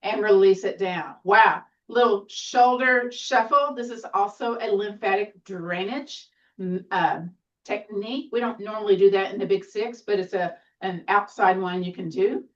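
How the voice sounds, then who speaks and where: A woman teaching a seated tai chi class, giving gentle, encouraging cues with playful exclamations. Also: medium pitch, a little slow, distant mic, highs cut off. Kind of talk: guided exercise class.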